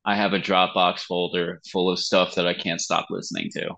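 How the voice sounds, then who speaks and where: A man's voice: low voice, moderate pace, vocal fry. A man who sings in a band, chatting casually in an interview and telling stories with plenty of swearing. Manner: animated storytelling, swears freely. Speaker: band vocalist.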